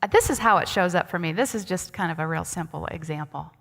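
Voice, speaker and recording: A woman associate minister delivers a chatty, conversational sermon in a church sanctuary, putting questions to the congregation. Her voice is fairly low and a bit bright, with vocal fry and a quick pace. The recording carries the long hall reverb of the sanctuary.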